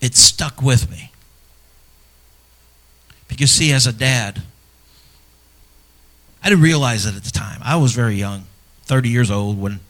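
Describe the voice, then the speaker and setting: A middle-aged man, a pastor, preaching a sermon in a church, earnest and personal, swinging from loud emphasis to hushed, near-whispered lines. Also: mid-range voice. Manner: earnest and personal, speaking to fathers.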